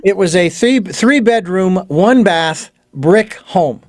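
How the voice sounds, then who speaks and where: A man hosts a podcast interview. He has a high voice and a dry, close sound. He asks slow, deliberate questions, and gives short nods of agreement while his guest talks. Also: lively intonation, dry recording. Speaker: podcast host.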